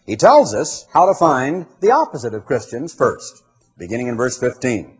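A man preaching a sermon, reading scripture slowly and telling folksy stories with emphatic delivery. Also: mid-range voice, big pitch swings, husky.

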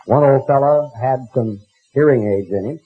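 An older American man preaching a sermon in a folksy storytelling manner, with a husky voice. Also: medium pitch, normal speed. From United States. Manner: folksy storytelling, mocking impressions. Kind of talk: sermon with anecdotes. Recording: tinny phone-like recording.

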